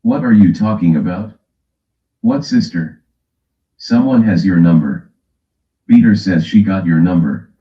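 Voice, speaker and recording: A man with a New York accent argues and teases in a profane, bickering way. His voice sits very low. The stream audio is muffled and echoey. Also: a little slow, long pauses. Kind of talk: casual argumentative stream chat.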